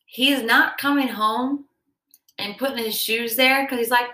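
A woman's voice: fairly high pitch, measured pace, sharp tone. A woman hosting a self-help podcast, talking casually and acting out short quoted conversations as she goes. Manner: conversational, acts out little quoted dialogues. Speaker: podcast host. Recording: echoey room.

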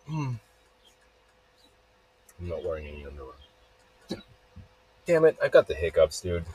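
Rambling, profane man with a husky voice. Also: a bass voice, very animated, a little slow, long pauses, dark tone, poor audio. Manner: rambling, profane, self-interrupting. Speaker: podcast host. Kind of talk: rambling solo podcast monologue. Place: outdoors.

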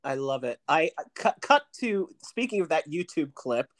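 A man's voice: on the high side, sing-song, normal speed, a bit bright. A man hosting a casual interview podcast, chatting and reminiscing with a guest, with a lot of fillers and restarts. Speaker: podcast host.

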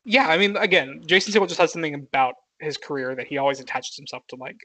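A man's voice: fairly high pitch, fairly even intonation, fast talker, sharp tone, dry recording, rough recording. A young man co-hosting a podcast, rambling casually with lots of fillers and frequent laughs. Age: young adult. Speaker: podcast co-host.

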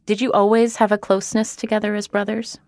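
A woman's voice: medium pitch, level tone, fast talker, darkish tone, no echo, clean studio sound. A woman hosting a podcast, narrating and asking curious, playful questions. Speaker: podcast host. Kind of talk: interview and scripted narration.

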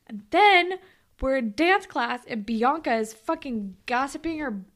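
A young woman in casual chat, recapping a TV episode with a friend, animated and swearing freely, acting out what the characters say. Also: sits high, a little slow. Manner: animated, acts out quotes with big swings, swears freely. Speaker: podcast co-host recapping a TV episode.

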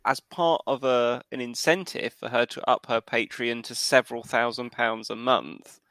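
A man's voice: mid-range voice, normal speed, fairly bright tone, no echo. A British man who is a podcast guest, chatting playfully and tongue-in-cheek. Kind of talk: casual chat.

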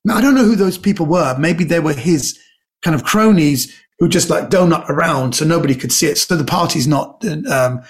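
A man telling comic anecdotes in a lively way, acting out the people he quotes. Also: a little high, a little fast. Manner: lively storyteller who acts out quoted voices. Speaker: comedian guest.

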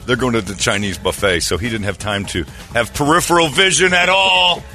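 A middle-aged man in casual chat, telling a story with animated retellings of what people said. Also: mid-range voice, fairly quick, faint music behind. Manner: animated storytelling, acting out voices.

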